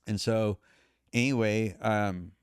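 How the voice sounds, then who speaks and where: A man's voice: fairly low pitch, slow pace, clear, resonant tone, no room sound, studio quality. A middle-aged man, a podcast guest, telling his story emphatically and acting out the dialogue. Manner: emphatic, animated retelling with quoted dialogue. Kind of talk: storytelling in conversation.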